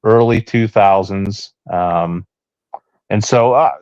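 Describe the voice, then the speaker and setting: A low-voiced man co-hosting a laid-back sports podcast. He rambles, with plenty of "um"s and restarts. The recording is dull and dry, with no room sound. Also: takes it slowly, darkish tone, no echo. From Cleveland, Ohio area. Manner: rambling, with many fillers and restarts. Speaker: podcast co-host. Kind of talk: casual sports chat.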